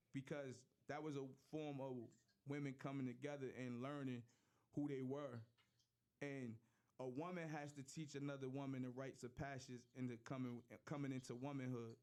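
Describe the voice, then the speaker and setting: A man's voice: mid-range voice, darkish tone, smooth. A man hosting a casual group chat, lecturing his friends and checking in with "you feel me?". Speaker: podcast host.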